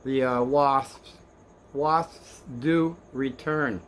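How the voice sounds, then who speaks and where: An older man telling kids a story in a rambling, animated way, swinging between hushed and excited. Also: medium pitch, extremely slow, a little hiss or hum.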